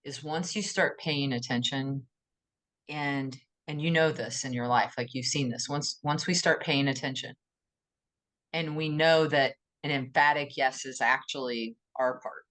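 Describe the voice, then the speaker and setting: Low-voiced enthusiastic woman podcast host. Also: unhurried. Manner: enthusiastic, animated, acts out quoted inner voices. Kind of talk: casual conversation.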